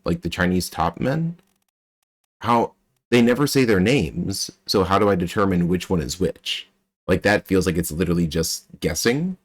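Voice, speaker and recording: A man streaming a mystery game, thinking aloud and chatting with his viewers in a relaxed way. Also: low voice. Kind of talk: casual gameplay commentary.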